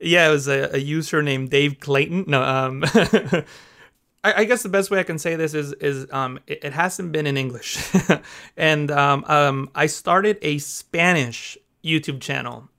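Bright, clear-voiced man chatting. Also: a little high, measured pace. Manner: laughs often, animated storytelling. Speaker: podcast guest, YouTube creator. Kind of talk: casual podcast chat.

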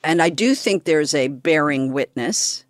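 A woman podcast host talking in a reflective, measured way and laughing often. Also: sits low, expressive, no room sound. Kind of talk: conversational podcast chat.

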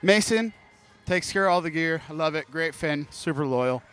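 A man's voice: a little high, expressive, moderate pace, a bit bright, clean tone. A man co-hosting a casual podcast, answering in dry, short remarks. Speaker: podcast co-host. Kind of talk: casual chat.

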